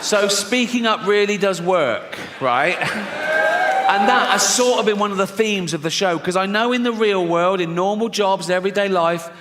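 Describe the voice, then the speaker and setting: A man's voice: sits high, normal speed, a little hiss or hum. A man doing a profane, mocking stand-up routine and laughing at his own jokes. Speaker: stand-up comedian. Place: large theatre stage. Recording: live hall with loud crowd laughter.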